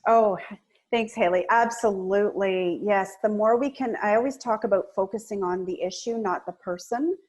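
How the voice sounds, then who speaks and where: Husky-voiced woman coaching on empathy. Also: mid-range voice, normal speed. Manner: earnest, coaching, acts out soft empathetic phrases. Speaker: guest speaker, agency co-founder. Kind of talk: webinar talk on client communication.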